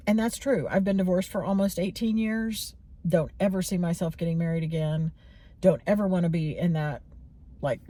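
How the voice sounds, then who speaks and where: A woman's voice: on the low side, dark tone. A woman in her forties talking candidly and rambling a little as she reflects on her own feelings in a personal vlog. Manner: candid, rambling, many fillers and restarts. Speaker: vlogger.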